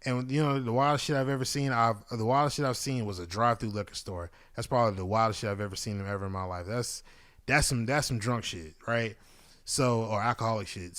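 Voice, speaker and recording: A man hosting a podcast, telling a long story in a casual, rambling way, full of profanity and fillers. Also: mid-range voice. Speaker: podcast host.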